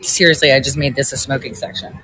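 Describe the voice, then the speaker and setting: Husky and sharp, this middle-aged woman's bass voice moves quickly with fairly flat intonation, recorded at low quality with faint music behind. Streaming from an airport smoking spot outdoors, she rambles to her viewers, swearing freely and filling gaps with fillers.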